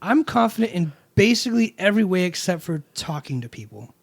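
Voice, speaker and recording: A man's voice: sits high, big pitch swings, a little fast, gravelly, dry recording. A young man co-hosting a casual chat over beers, joking wryly and teasing his friend. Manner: wry, teasing, laughs often. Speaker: podcast co-host.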